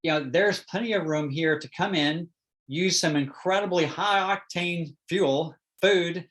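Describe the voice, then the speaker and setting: A man's voice: on the high side, a little slow, a bit bright. A man interviewing a guest, agreeing with him and asking tag questions. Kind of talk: interview chat.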